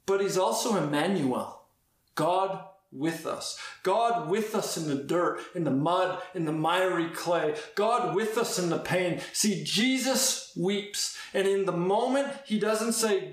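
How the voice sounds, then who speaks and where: A man's voice: sits high, slow. A man preaching a conversational sermon, acting out quoted exchanges as he goes. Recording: very roomy, echoey sound.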